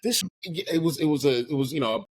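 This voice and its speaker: A man hosting a casual geeky chat, excitable, stammering and restarting, his voice jumping high when animated. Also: a little fast, husky, rough recording. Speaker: podcast host.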